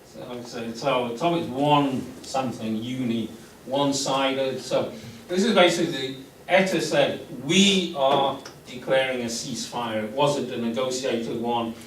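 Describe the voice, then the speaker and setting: A man's voice: mid-range voice, moderate pace. A man lecturing to a class, explaining step by step, with frequent restarts and fillers. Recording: roomy classroom audio, recorded from a distance with faint noise.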